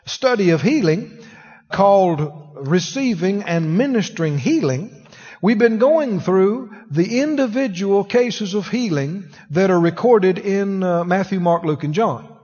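High-voiced husky preacher in a hall. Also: male voice, darkish tone. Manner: conversational preaching, asks the congregation questions. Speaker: pastor. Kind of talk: sermon. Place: church sanctuary. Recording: dull lo-fi recording in a long-reverb hall.

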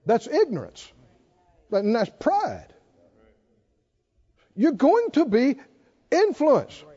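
A man's voice: very high-pitched, huge pitch swings, extremely slow, mellow. An older man preaching a sermon in an emphatic, folksy way with bits of humor, on a slightly dull lo-fi recording. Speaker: pastor.

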